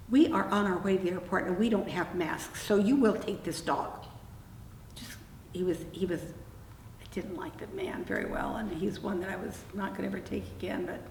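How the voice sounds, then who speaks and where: A woman's voice: fairly low pitch, creaky. Older woman telling a blunt story, roomy. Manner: animated anecdote with quoted dialogue, blunt and wry. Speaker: interview guest. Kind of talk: storytelling in an oral-history interview. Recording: roomy echo, distant mic, faint room hum.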